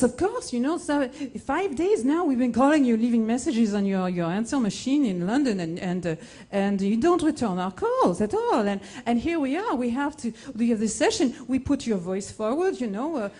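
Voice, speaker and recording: A woman voicing an excitable male commercials producer who talks emphatically and in a rush. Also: medium pitch, lightly acted.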